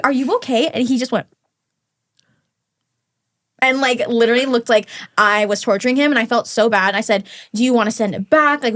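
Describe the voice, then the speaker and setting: Brief: young woman guest, slightly high voice, animated anecdote teller who plays out every line of dialogue. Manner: animated, acts out quotes in storytelling. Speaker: podcast guest. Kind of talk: casual storytelling.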